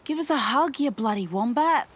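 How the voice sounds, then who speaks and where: A man's voice: very high voice, lively intonation, moderate pace, fairly bright tone, pitched above the performer's own voice, full character voice. A man voicing a friendly, teasing woman. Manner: cheeky, playful.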